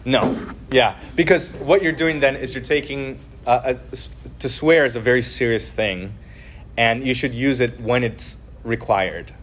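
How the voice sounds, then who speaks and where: A man gives an earnest, casual religious talk, stopping and restarting as he thinks aloud. His voice sits at an ordinary middle pitch. A faint hiss runs under the recording. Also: a bit bright. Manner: earnest, halting, many fillers and restarts. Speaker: podcast host teaching on the Ten Commandments.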